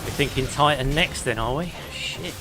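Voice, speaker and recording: A man's voice: mid-range voice, moderate pace. A young man chatting casually to his viewers while playing a video game, swearing now and then and reading chat aloud. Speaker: gaming streamer. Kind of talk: casual live gameplay commentary. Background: game music.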